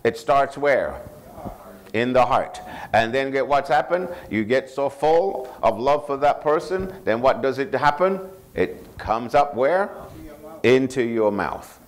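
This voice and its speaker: A male pastor preaching a sermon, prompting the congregation to finish his phrases and repeating scripture references slowly for emphasis. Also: medium pitch, animated. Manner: call-and-response, asking the congregation to finish his lines.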